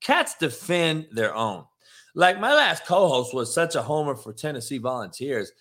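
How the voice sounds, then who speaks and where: A man with a fairly high, sing-song voice hosts a sports talk show at a moderate pace. His opinion rant is profane, combative and mocking, swinging between loud and hushed.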